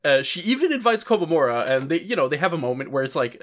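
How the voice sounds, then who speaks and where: A man's voice: a little high, very animated, quick pace. A man in casual podcast chat, recapping an anime episode, laughing often and acting out the characters' quoted lines.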